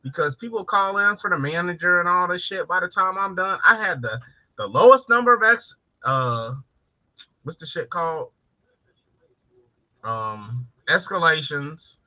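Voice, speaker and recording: A man hosts a late-night livestream in loose, profane chat, bragging through stories about his old call-center job. His voice sounds very bright. The recording is dry and a little dull. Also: high-pitched, animated, a little slow, dry recording. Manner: profane, boastful storytelling with laughs. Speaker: livestream host. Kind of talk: casual bar-style chat.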